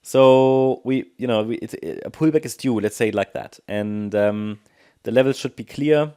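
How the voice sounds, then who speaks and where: A man presenting a technical analysis of market charts, thinking aloud and often pausing with ums and restarts. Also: medium pitch, mellow, clear, resonant tone.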